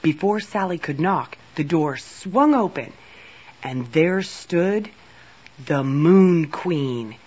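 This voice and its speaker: A woman reading a Christmas storybook aloud in a soft, slow, gentle narration, heard on a dull lo-fi recording. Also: sits low, animated, husky. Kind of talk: children's storybook read-aloud.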